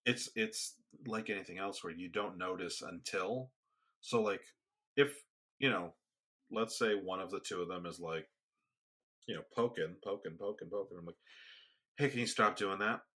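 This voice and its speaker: A man in a casual podcast conversation, speaking a little low with a bright, forceful edge. He talks haltingly, restarting his sentences as he searches for the right words. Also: husky. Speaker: podcast co-host.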